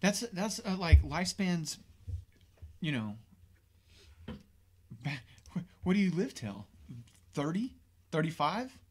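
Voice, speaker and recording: A man's voice: on the high side, very animated, slow pace, long pauses, slight background noise. A man co-hosting a podcast in casual chat, laid-back, with folksy exclamations. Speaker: podcast co-host.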